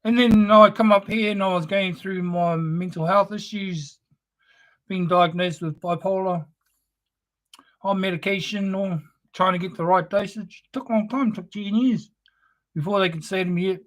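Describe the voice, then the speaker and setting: A high-sitting, fairly bright male voice holds mostly level intonation at a moderate pace. He's hosting a livestream and delivering a fervent, preachy, confrontational monologue peppered with heavy swearing.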